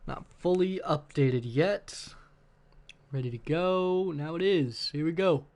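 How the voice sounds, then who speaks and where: A man with a slightly high voice hosts a gaming stream, chatting loosely about his basketball franchise. He rambles with fillers and restarts as he plays at home. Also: slow, darkish tone. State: hiccuping. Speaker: gaming channel host. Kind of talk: casual gameplay commentary.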